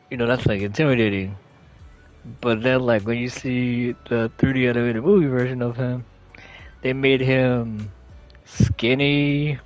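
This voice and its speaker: A young man chatting casually as a channel host, rambling with lots of fillers and self-corrections. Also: medium pitch. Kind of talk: casual chat.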